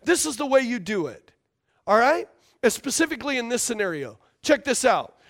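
High, lively-voiced male preacher. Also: normal speed. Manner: emphatic, repeats key phrases, checks in with the congregation. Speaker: pastor. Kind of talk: sermon.

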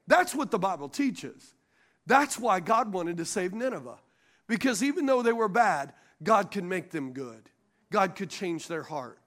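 Pastor preaching, really high voice that jumps around a lot, keeps asking the crowd stuff. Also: male voice, a little slow. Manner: animated preaching with call-and-response questions to the congregation; laughs at his own stories and stumbles over restarts. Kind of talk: sermon.

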